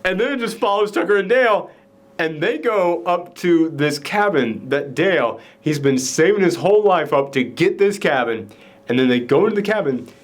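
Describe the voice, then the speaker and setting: Higher-pitched man retelling a movie plot. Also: moderate pace. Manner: animated storytelling, frequent "like" fillers. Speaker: podcast host. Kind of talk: casual movie review chat.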